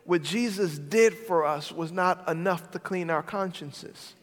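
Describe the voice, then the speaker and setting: A man preaching a sermon as a pastor, swinging between loud declarations and hushed, intimate moments. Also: high-pitched, measured pace, in a large hall.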